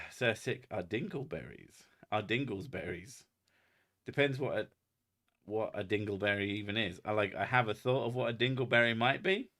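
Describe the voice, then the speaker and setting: A man with a somewhat low voice hosts a loose livestream chat, reading viewer messages aloud. He is from England, jokes constantly, swears freely and laughs at his own remarks. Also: normal speed, pushed and bright. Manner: jokey, swearing, reads comments aloud and laughs a lot.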